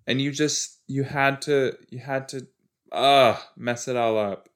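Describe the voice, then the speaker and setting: He hosts a podcast and reacts offhandedly to a TV episode, his mid-range voice smooth and steady as he takes things slowly. The talk is rambling and chatty, peppered with exclamations that cut his own sentences short.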